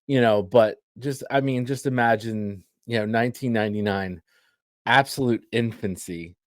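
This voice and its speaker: A man co-hosting a casual podcast, deadpan and loose with swearing. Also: mid-range voice, moderate pace, no echo, clean studio sound. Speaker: podcast co-host. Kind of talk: casual chat.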